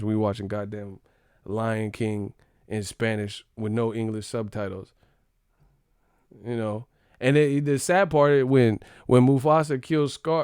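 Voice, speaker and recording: Gravelly man, profane rambling stream chat. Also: medium pitch, darkish tone, no echo, studio quality. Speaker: livestream host. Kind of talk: casual livestream chat.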